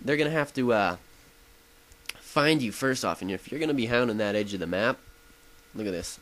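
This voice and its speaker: A young gaming video host with a lowish, fairly bright voice keeps a quick pace as he comments on his own gameplay. His talk is rambling and enthusiastic, full of self-interruptions and restarted sentences, and the recording is rough.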